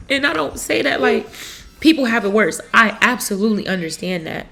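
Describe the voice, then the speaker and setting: A young mother from Pennsylvania speaking in a confessional vlog, emotional and halting, with many fillers. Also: on the high side, lively intonation, vocal fry, sharp tone. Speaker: vlogger and mother.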